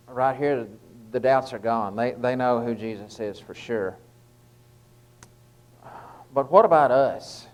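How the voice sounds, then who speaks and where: Speaking slowly at a medium pitch, a lay preacher offers a short, informal evening devotional, pausing often and leaning on fillers and restarts. The audio is poor.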